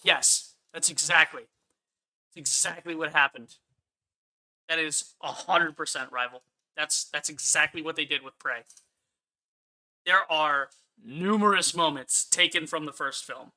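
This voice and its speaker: A man's voice: a little high, a little slow, long pauses, pushed and bright. A man ranting angrily on a live stream as he reviews a film, swearing often and repeating his points for emphasis. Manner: angry, profane ranting.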